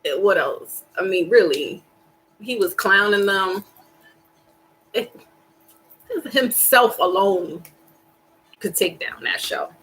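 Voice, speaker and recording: A woman hosting a casual live stream, rambling in an animated, slangy, emphatic way, with sighs and laughs. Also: mid-range voice, slow pace, pauses often, low-quality recording. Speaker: tarot reader and live stream host.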